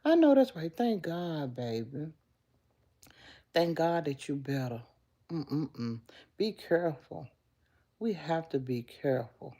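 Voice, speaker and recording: A middle-aged woman chats casually on a livestream. Her voice is lower than most, but it swings widely in pitch as she answers viewers' comments one after another. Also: very animated, slow pace, pauses often, warm tone. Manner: talks straight to viewers, reads and answers chat comments. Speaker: livestream host. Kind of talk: casual live-stream chat.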